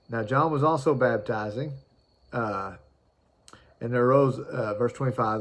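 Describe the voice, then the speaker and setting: A man preaching an informal sermon, reading scripture aloud with frequent fillers and restarts. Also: medium pitch.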